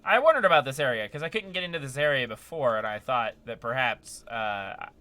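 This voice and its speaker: A man's voice: mid-range voice, expressive, fairly quick, pushed and bright. A man giving chatty, upbeat live commentary while playing a video game, often laughing and talking to his chat. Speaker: streamer.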